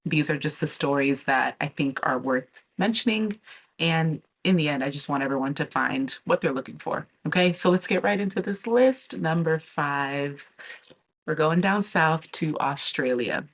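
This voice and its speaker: A woman's voice: sits low, animated, normal speed, breathy edge. A young woman vlogger talking candidly to camera in a casual, chatty way, with fillers and restarts. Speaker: travel and relocation vlogger.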